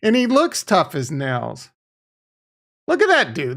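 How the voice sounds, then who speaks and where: Gravelly, profane crypto streamer man. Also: on the high side, huge pitch swings, slow, fairly bright tone. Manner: rambling, profane, off-the-cuff. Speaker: crypto livestream host. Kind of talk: casual livestream chat reading viewer comments.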